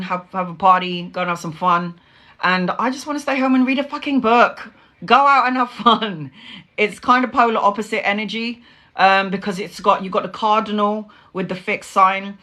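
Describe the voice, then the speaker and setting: A middle-aged woman, a tarot reader telling stories in casual, animated chat and swearing freely. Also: mid-range voice.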